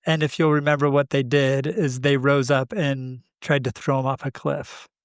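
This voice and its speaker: A man co-hosting a podcast, talking through spiritual ideas in a thoughtful, unhurried way with frequent pauses. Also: mid-range voice, little pitch movement, clear, resonant tone, no room sound, clean studio sound. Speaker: podcast co-host. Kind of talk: reflective spiritual conversation.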